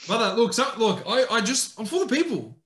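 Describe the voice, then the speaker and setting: A man's voice: very high voice, brisk, reverberant. A man telling a story in casual chat on a podcast, acting out his friends' lines. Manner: animated, acts out friends' lines in raised voice. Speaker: podcast co-host.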